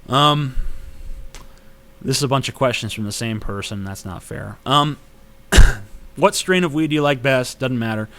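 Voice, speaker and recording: A man's voice: medium pitch, unhurried, pauses often, sharp tone. A man in his late twenties answering viewer questions in a casual vlog, blunt and profane, ranting at times. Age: late 20s.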